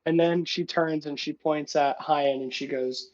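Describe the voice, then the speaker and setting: A man narrating a tabletop game as game master in an animated way. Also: fairly high pitch, measured pace, few pauses, lo-fi sound. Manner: animated, lots of voices and asides.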